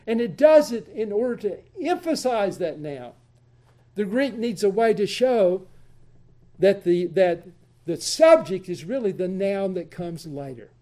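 Male Bible teacher, unhurried, mellow tone, careful step-by-step explaining. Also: high voice. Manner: deliberate, explanatory, repeats for emphasis. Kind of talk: Bible study lesson.

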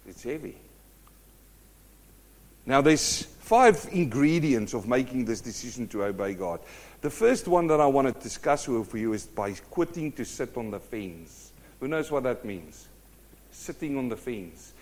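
A man preaching a sermon, telling stories in an animated way. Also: medium pitch, unhurried.

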